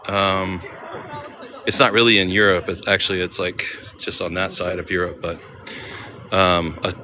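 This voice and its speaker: A man's voice: deep voice, little pitch movement, moderate pace, background noise. An American man chatting casually to his viewers as he walks city streets, rambling from one thought to the next. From United States. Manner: chatty, rambling, talks to viewers while walking. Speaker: travel vlogger. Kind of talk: casual walking vlog.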